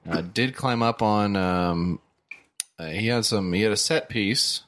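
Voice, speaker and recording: A man co-hosting a comedy podcast, giving improvised banter in a deadpan mock-newscaster delivery. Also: lowish voice, measured pace. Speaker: podcast co-host.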